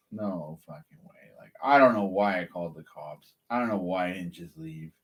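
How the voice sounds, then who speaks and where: Speaking to the camera in a lowish, animated voice, a California man tells a loose, casual story at a moderate pace with a bright, forceful tone. The process server vlogger swears often and laughs at himself along the way.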